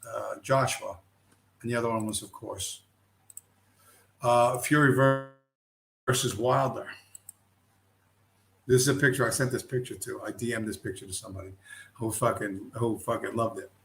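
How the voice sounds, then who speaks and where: Man, middle-aged, livestream host, blunt, foul-mouthed, mid pitch, roomy echo. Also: fairly bright tone, slight background noise. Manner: blunt, heavily profane, heated. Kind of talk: profane casual rant.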